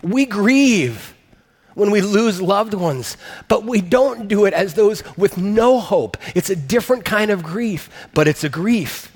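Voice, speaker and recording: A man's voice: high voice, expressive, slow, slightly rough, long reverb tail. A man preaching a sermon as a pastor, earnest and emphatic, rising to stress his points.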